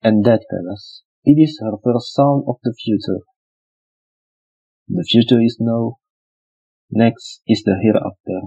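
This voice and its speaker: Guy with a low husky voice reading a solemn script, slow and earnest, kinda muffled lo-fi audio. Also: mellow. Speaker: narrator.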